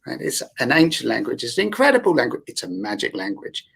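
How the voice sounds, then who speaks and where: A man's voice: medium pitch, wildly swooping pitch, fast talker, vocal fry, a bit bright, husky. A man with a London accent, a therapist talking through ideas in a casual group discussion, rambling and emphatic. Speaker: guest therapist.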